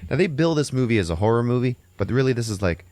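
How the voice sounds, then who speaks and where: A man hosting a podcast, recapping a movie in a profane, animated, laughing way. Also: mid-range voice, quick pace, dry recording. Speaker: podcast host.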